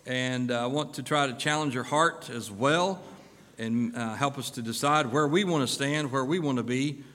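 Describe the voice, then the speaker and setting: A middle-aged man, a pastor giving church announcements and then a sermon in a folksy, filler-heavy way with lively rises of emphasis. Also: medium pitch, moderate pace. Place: church sanctuary. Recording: long church-hall reverb.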